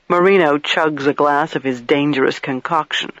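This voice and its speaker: A man reading a crime novel aloud in first-person narration, measured and steady. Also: fairly high pitch, no room sound, lo-fi sound. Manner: measured, storytelling. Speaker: audiobook narrator.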